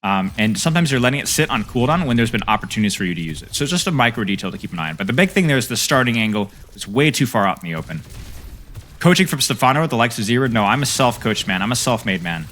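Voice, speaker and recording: Lively man coaching gameplay on stream. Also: medium pitch, very fast, slight background noise. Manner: lively and playful, teasing chat between tips. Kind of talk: casual coaching commentary to stream chat.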